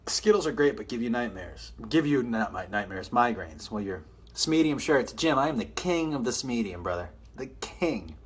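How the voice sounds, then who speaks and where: A man's voice: medium pitch, lively intonation, normal speed, slightly rough. Rambling, self-mocking man in his forties. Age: 40s. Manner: rambling, self-mocking, laughs at own stories. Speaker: podcast host on a live stream. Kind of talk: casual storytelling and reading viewer comments.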